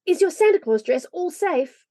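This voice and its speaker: A woman voicing an anxious older sister, a girl who frets in hushed tones. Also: extremely high pitch, big pitch swings, normal speed, no echo, clean studio sound, voice pushed up. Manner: fretful, breathy whispers.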